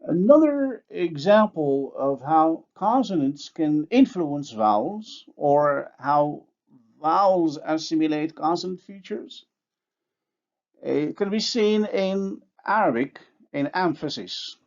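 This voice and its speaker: A man's voice: on the high side, animated, a little mellow. A man giving a recorded linguistics lecture, who carefully sounds out each example word. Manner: slow, deliberate, carefully sounds out example words. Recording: dull lo-fi recording.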